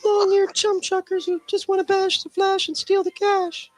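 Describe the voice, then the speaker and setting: A woman doing a shrill flirty dame. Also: flat delivery, normal speed, soft background music, poor audio. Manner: sing-song sweet talk, slangy.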